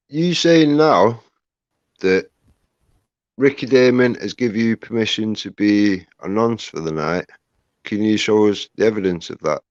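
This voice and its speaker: A man's voice: on the low side, darkish tone, dry recording. Man, stream co-host, lo-fi dry audio, blunt and mocking. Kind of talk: heated live stream confrontation.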